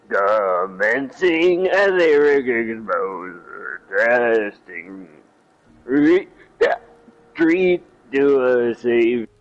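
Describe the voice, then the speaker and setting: A man putting on the voice of a drunk robotic lantern, giving stumbling monotone announcements. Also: mid-range voice. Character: drunk robotic lantern device, stiff and clumsy. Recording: dull lo-fi audio.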